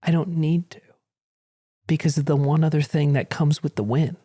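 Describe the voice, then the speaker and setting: A man's voice: a little high, steady tone, normal speed, warm tone, husky, dry recording, studio quality. A man and podcast co-host in casual chat, teasing his friends playfully.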